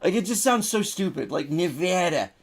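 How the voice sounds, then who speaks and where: With a New Jersey accent and a slightly high voice, this podcast co-host tells stories in a ranting, mock-outraged way during a comedic casual chat. His intonation is lively and his speed normal, with a little hiss or hum in the background.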